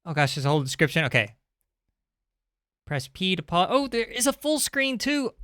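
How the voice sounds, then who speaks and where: Bright-voiced chatty male streamer. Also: on the high side, very animated, a little fast, no room sound, studio quality. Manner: chatty and sarcastic, reads on-screen text aloud. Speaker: streamer playing indie games. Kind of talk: casual live-stream commentary.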